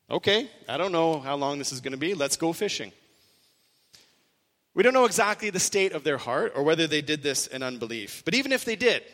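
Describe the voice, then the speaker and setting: A man's voice: a little high, fairly bright tone, big-room sound. A male pastor preaching an earnest sermon, voicing quoted lines with rising emphasis.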